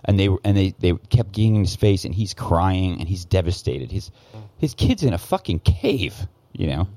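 Guest: very low male voice, dry close sound, swears a lot and stops and restarts as he tells a story. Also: big pitch swings, warm tone, no room sound. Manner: profane, heated, halting with many restarts. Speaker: guest, former news cameraman. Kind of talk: casual podcast storytelling.

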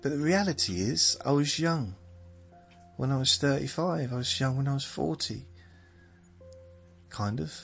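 A man in his seventies hosting a podcast, rambling in a meandering, self-mocking way, with drawn-out phrases. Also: medium pitch, expressive, creaky, fairly bright tone, husky, faint music behind. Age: 70s. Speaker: podcast host. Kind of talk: rambling bedtime monologue.

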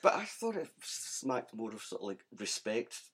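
A man's voice: mid-range voice, sing-song, normal speed, a bit bright, slightly rough. A man chatting casually, telling a rambling anecdote with frequent ums and restarts. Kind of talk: casual chat.

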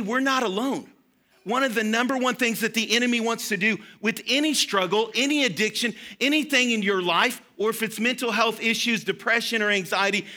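Male pastor, young adult, earnest encouraging sermon delivery, fairly high and bright voice. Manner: earnest, encouraging preaching with quoted prayers.

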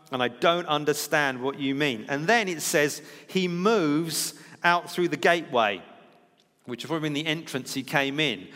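A man's voice: medium pitch, fairly bright tone, big-room sound. A man preaching a sermon in a conversational teaching style, acting out the lines he quotes. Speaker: pastor.

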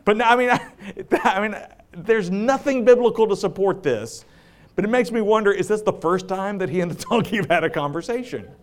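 Man, high voice, preaching, chatty sermon, joking asides, low and slow scripture reading. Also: lively intonation. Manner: conversational, joking asides with laughter.

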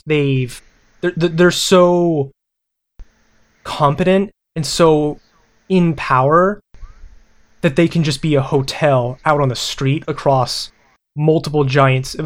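A young man casually chatting about movies, rambling with many restarts and fillers. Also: a little high. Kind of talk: casual film chat.

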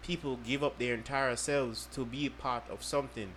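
A man's voice: mid-range voice, steady tone, moderate pace, fairly bright tone, a little hiss or hum. Earnest man on a podcast. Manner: earnest, repeats "you understand me". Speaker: podcast host. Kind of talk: casual podcast chat.

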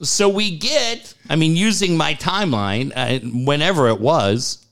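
Male ex-radio host, storytelling, swearing freely, lively melodic delivery. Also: measured pace, clean tone. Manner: profane, animated, jumps into loud high yelps when reenacting. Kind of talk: casual storytelling chat.

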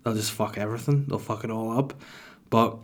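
A man's voice: lowish voice, fairly even intonation, fairly quick. A young man with a Northern Irish accent rambling profanely through a casual podcast monologue. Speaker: podcast host.

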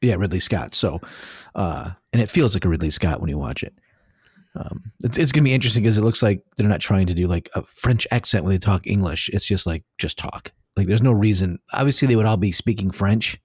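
A man's voice: lowish voice, animated, a little fast, a little mellow, slightly rough, no room sound, clean studio sound. A man co-hosting a casual podcast, rambling and hesitant with many fillers. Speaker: podcast co-host. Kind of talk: casual chat.

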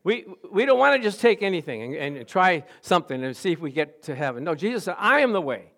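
A male pastor with a fairly high voice delivers a lively sermon. He tells stories, laughs along the way, and swells into loud exclamations on the key lines. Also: fast talker. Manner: animated storytelling with laughs, rising to loud exclamations.

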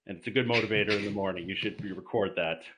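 A man guesting on a podcast, telling bawdy stories in a casual, animated way and shouting the punchlines. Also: fairly low pitch, rapid-fire, background noise. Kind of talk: casual crude podcast chat.

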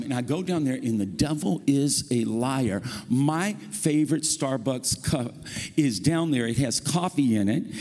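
A man preaching a sermon as guest pastor, telling funny stories and calling the congregation to say amen. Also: medium pitch. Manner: animated storytelling preacher, calls for amens. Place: church sanctuary. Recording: long hall reverb.

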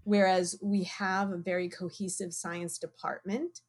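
A woman who chairs a science department and teaches biology, talking in a measured, thoughtful way in a casual conversation. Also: fairly low pitch, little pitch movement, slightly rough. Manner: measured, thoughtful, slow-paced.

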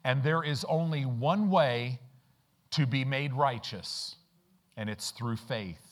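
A pastor preaching a sermon, telling stories with lively rhetorical questions and acted-out quotes. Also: male voice, mid-range voice, slow. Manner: animated storytelling with rhetorical questions. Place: church in the Midwest.

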